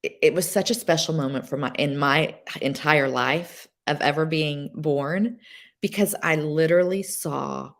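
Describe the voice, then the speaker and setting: Low-voiced woman telling her story. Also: a little slow, creaky. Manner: emotional, restarts often, many fillers. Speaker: podcast guest. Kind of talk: candid personal testimony.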